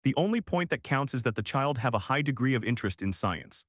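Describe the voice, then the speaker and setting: A man narrates a self-help audiobook in a steady, scripted read. His voice sits at an ordinary middle pitch and sounds close and dry, with no room around it. He keeps an even, measured delivery. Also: dry recording.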